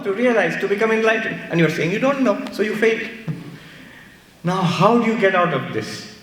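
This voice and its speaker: A man with an Indian English accent giving a spiritual talk in a large hall, animated and playful as he tells stories. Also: a little high. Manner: animated storytelling with playful asides. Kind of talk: sermon-style lecture. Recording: echoey hall, mic far off.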